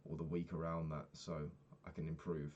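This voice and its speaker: A young man, a personal trainer, candidly recapping his week and swearing freely, getting animated when retelling annoyances. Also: a bass voice, moderate pace, highs cut off, slight background noise. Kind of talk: casual vlog recap.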